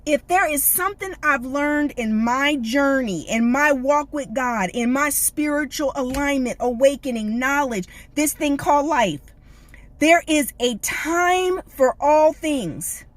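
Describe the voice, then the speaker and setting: A woman's voice: high voice, expressive, unhurried. A woman life coach hosting a live stream, giving a folksy, sassy motivational talk with preacher-like repetition and greeting her viewers by name.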